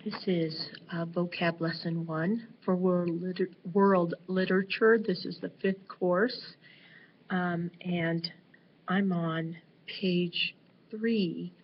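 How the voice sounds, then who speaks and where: A woman teacher talking through a vocabulary lesson, slow and deliberate with many ums and uhs. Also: lowish voice, steady tone. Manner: slow, deliberate, with frequent fillers. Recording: dull lo-fi recording with faint noise.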